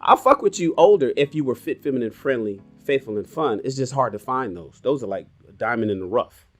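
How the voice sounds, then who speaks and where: A man in his forties hosting a casual livestream podcast, telling stories in a blunt, animated and profane way. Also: mid-range voice, a little fast, faint music behind. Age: 40s. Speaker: podcast host.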